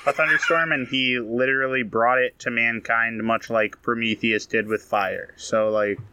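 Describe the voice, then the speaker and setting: Dry, mock-serious man with a crisp voice. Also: mid-range voice, steady tone, moderate pace, pushed and bright, no echo. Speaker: podcast co-host. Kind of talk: casual comedic storytelling.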